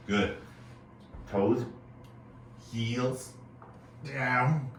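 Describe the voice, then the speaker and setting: A man teaching a yoga class, calmly cueing breaths and movements with casual asides. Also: fairly low pitch, takes it slowly, pauses often, recorded from a distance, a little hiss or hum. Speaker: yoga instructor. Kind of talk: guided yoga class instruction. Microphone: earbuds. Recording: very echoey room, voice off-mic.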